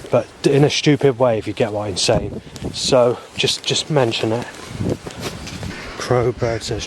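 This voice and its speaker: A man's voice: mid-range voice, moderate pace, a little hiss or hum. A man talking to camera outdoors in a rambling video diary, hesitant, often restarting and repeating himself. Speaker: vlogger.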